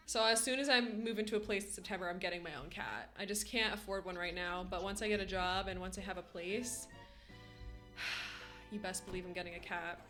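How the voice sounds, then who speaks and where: A woman's voice: mid-range voice, pushed and bright. A young woman streaming, chatting casually with her viewers and cooing at her cat in baby talk. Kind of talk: casual live-stream chat.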